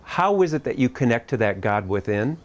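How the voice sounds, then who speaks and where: At a family camp, a middle-aged man delivers a thoughtful, conversational talk, asking his audience searching questions and adding some light humor. His mid-range voice swings widely in pitch, and he speaks fairly quickly.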